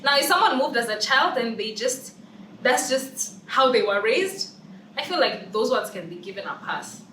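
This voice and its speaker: A young woman with a Kenyan accent shares her opinions in a casual vlog, her voice sitting a little high. She is emphatic and repeats phrases for emphasis. The camera's own mic catches her from a distance in an echoey room, with a faint hum underneath. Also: expressive, normal speed, bright, forceful tone. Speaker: vlogger. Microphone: camera's built-in mic, no external mic.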